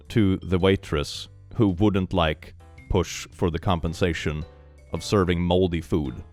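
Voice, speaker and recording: A man's voice: fairly low pitch, a little mellow. A man hosting casual comedy reaction commentary, sarcastic and laughing often. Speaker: host.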